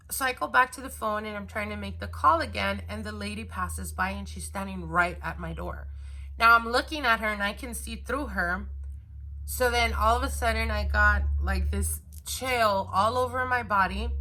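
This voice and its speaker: A woman's voice: mid-range voice, bright, forceful tone. A woman casually telling a personal story to her viewers, rambling with fillers and restarts. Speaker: tarot reader and channel host.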